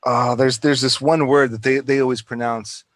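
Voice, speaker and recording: A man's voice: mid-range voice, normal speed, no echo. Chatty man on a dry close mic. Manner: rambling, restarts often, animated. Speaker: actor and guest. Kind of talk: casual conversation.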